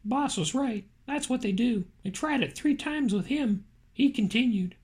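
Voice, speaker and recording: A woman reading a novel aloud with a steady, measured delivery. Her voice sits high for a woman. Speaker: narrator. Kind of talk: audiobook narration.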